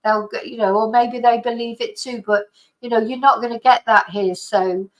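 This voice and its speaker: A woman's voice: fairly high pitch, steady tone, moderate pace, low-quality recording. A middle-aged woman from Britain, hosting her own channel in a casual opinion monologue, indignant and rambling with frequent restarts. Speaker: channel host.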